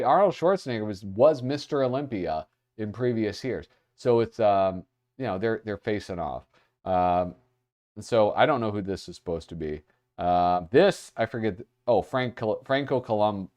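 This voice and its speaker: A man's voice: lowish voice, animated, moderate pace, a little mellow. A man hosting a livestream, chatting casually as he flips through art. He gets distracted easily and reads out chat comments. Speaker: livestream host.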